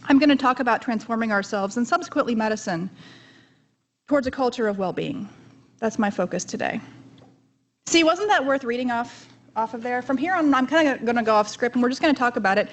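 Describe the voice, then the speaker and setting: A woman's voice: a little high, expressive, fairly quick. A woman in her thirties giving a conference keynote talk in a chatty, joking, self-deprecating way. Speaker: keynote speaker.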